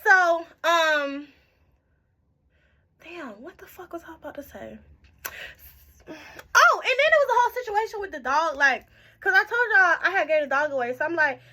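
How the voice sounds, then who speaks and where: A woman's voice: extremely high pitch, big pitch swings, moderate pace, long pauses, sharp tone. A tipsy young woman telling a storytime in casual, profane chat, jumping around as she goes. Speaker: storytime vlogger.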